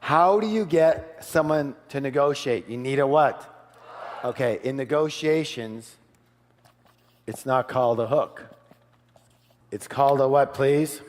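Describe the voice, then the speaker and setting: A man giving a live seminar talk, lively, quizzing the audience with call-and-response questions. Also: mid-range voice, slow pace, pauses often, slight background noise. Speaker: seminar speaker. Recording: long hall reverb.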